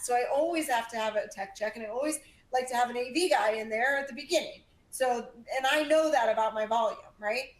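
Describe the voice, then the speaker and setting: A female speaking coach with a higher voice gives an emphatic, energetic presentation to a live audience. She varies her volume and pace and uses pauses, all in an echoey, roomy hall.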